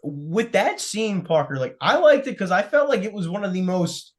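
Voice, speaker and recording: Chatty man with a fairly high voice. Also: sing-song, moderate pace. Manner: rambling, many fillers and restarts. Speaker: podcast host. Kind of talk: casual film discussion.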